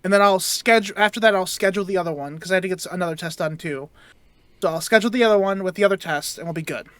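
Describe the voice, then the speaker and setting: A young man, a podcast co-host, telling a story in casual chat, animated and swearing as he vents. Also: high-pitched, very fast, clean tone, dry recording.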